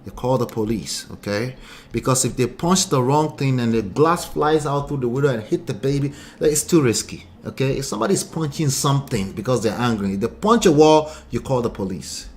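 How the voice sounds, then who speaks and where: A man hosts a relationship livestream in a brisk, expressive, medium-pitched voice. The relationship coach and channel host works through viewer comments, answering with rhetorical questions and points he stresses again and again. He laughs readily and ridicules quoted lines by putting on voices.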